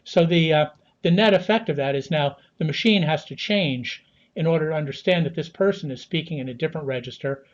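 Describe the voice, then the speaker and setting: An American man answering interview questions at a measured pace, with many fillers and restarts, heard over a video call. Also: fairly high pitch, highs cut off. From United States. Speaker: guest analyst.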